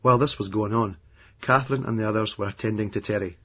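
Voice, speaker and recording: A man reading a novel aloud as a narrator, in a measured, matter-of-fact way. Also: lowish voice, steady tone, a bit bright. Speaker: audiobook narrator. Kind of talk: scripted narration. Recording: dull lo-fi remastered audiobook.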